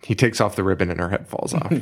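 This podcast co-host has a deep voice and a fast delivery. Speaking casually into a studio microphone, he rants in an animated way and swears a lot.

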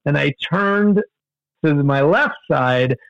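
A man telling a story in casual conversation, animated, with many fillers and restarts. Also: slow pace, creaky, no room sound, lo-fi sound. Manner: animated, jumps in pitch for quoted outbursts, many fillers and restarts. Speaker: guest storyteller.

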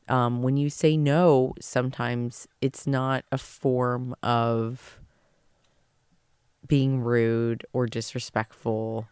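A woman's voice: rumbling low, flat delivery, extremely slow, a little mellow, clear, resonant tone, no room sound, studio quality. A woman giving earnest, rambling life advice in a casual monologue, emphatic and now and then swearing. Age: adult, past early career. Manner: earnest, rambling, emphatic, with fillers and the odd curse.

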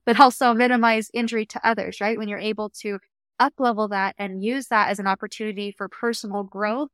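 A young adult woman, a coach hosting a solo podcast, talking in an earnest, reflective and gently encouraging way. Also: a little high, no echo, clean studio sound.

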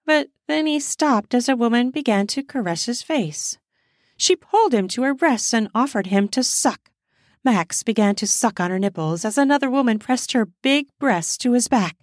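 A woman narrating an erotic story slowly and deliberately as a podcast host. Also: fairly high pitch, no echo, clean studio sound.

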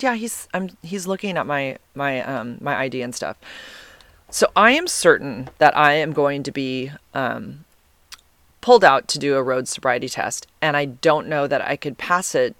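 A woman's voice: low voice, dry recording. Rambling woman telling a story, dry sound. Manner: rambling and animated, with frequent restarts and laughs. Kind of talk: casual personal storytelling.

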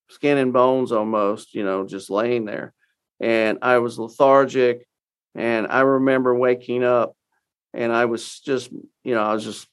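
Gravelly Texan man telling his story. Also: medium pitch. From Texas. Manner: animated storyteller acting out quoted dialogue. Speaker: guest. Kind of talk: storytelling interview.

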